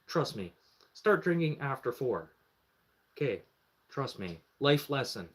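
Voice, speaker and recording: Male streamer, mid-pitched voice, loose profane storytelling, jumps into other people's voices. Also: sing-song, unhurried, slightly rough. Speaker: live streamer. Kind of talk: casual storytelling.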